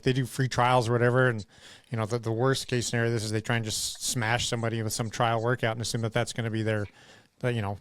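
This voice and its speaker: A man hosting a podcast interview who also runs a gym, chiming in with eager agreement and quick affirmations. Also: mid-range voice, no echo. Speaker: podcast host, gym owner.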